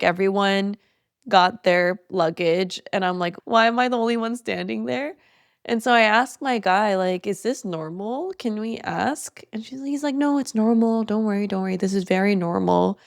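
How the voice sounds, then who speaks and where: A young woman hosting a podcast, telling a travel story in a chatty, animated way with many fillers. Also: medium pitch, moderate pace, clean tone, dry recording, studio quality. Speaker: podcast host. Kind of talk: casual storytelling monologue.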